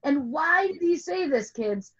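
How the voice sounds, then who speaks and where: A music teacher uses a playful story to get a lesson across on an online call with screen share, posing questions and drawing out words for emphasis. She has a high, fairly bright voice with lively intonation, speaks a little slowly, and the audio is dull.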